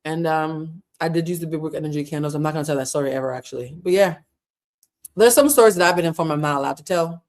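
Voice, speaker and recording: Brief: thirties woman, streamer host, chatty storyteller, low voice with lively swings. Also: fast. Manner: chatty, laughs often, swears casually. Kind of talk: casual livestream chat.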